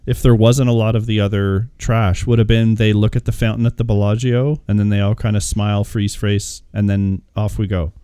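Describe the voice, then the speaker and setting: A man co-hosting a casual film podcast, agreeable and chiming in with quick asides. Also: on the low side, level tone, dark tone, clear, resonant tone, dry recording, studio quality. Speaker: podcast co-host.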